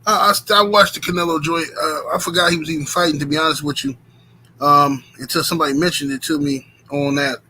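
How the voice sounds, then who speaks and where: A man hosting a live boxing talk stream, shouting out viewers by name in a relaxed, chatty way with many fillers. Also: a little high, fast talker, slight background noise. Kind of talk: casual live-stream chat.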